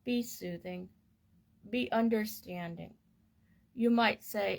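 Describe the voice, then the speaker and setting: A woman reading a parenting course book aloud in a gentle, measured and soothing way. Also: medium pitch. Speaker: reader of a parenting course text.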